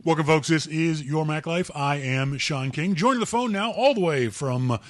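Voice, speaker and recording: A man's voice: fairly high pitch, normal speed, no echo, studio quality. A Canadian man hosting a podcast, talking in a rambling, chatty way and correcting himself often. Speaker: podcast host. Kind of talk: casual podcast talk.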